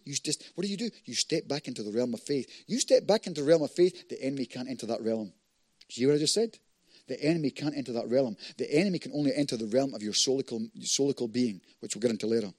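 A man preaching a fervent sermon, swinging between loud declarations and hushed prayer. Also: on the high side, lively intonation, fast talker, dry recording, studio quality.

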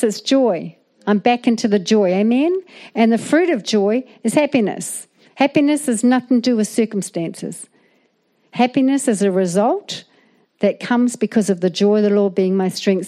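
A woman preaching a sermon, often calling out "amen?" to the congregation. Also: a little high. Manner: animated, calls out "amen?" to the congregation. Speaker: guest preacher.

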